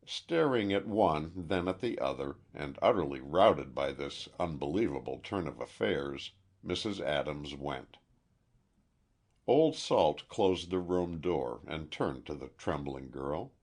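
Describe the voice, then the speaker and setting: A man reading a mystery audiobook aloud in a measured, expressive way. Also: rumbling low. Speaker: audiobook narrator.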